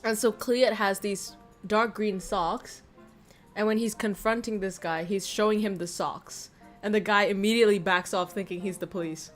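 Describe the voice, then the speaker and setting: A woman's voice: mid-range voice, steady tone, normal speed, soft background music. A woman streamer in casual chat who laughs often and swears casually.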